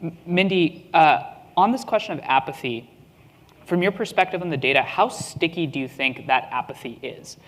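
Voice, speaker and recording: A man's voice: fairly high pitch, moderate pace, a bit bright. Man moderating a panel in a reverberant hall. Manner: upbeat, asks questions. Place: hotel ballroom. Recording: reverberant hall with faint ambience.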